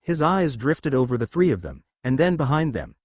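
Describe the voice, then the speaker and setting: A man reading fan fiction aloud as a storyteller, in a lively, expressive way. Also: mid-range voice, moderate pace, breathy edge.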